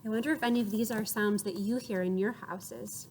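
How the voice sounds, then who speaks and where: A woman reading a picture book aloud to children, expressive and playful, acting out sound effects and inviting her young listeners to join in. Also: mid-range voice, a little fast, slight background noise. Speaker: storyteller for children.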